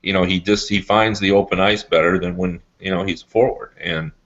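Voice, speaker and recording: A man talking in a casual podcast chat, halting and filling with "you know". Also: low voice, steady tone, fairly bright tone. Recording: dull lo-fi podcast audio.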